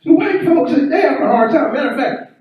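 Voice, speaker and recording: A man doing a stand-up set, chatty and animated with the crowd. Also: extremely high pitch, fairly quick, lo-fi sound. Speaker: stand-up comedian. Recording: echoey room from far off.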